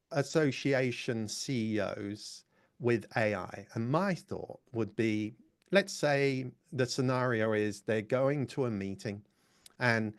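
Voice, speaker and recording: A man presenting a live webinar, explaining step by step in a casual way. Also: medium pitch. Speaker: workshop presenter.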